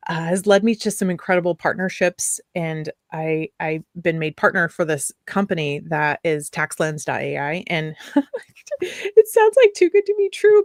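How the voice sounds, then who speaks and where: A woman's voice: fairly low pitch, no room sound, clean studio sound. A woman guest on a video call talking about her business, eager and rambling. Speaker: guest entrepreneur. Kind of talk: casual enthusiastic talk.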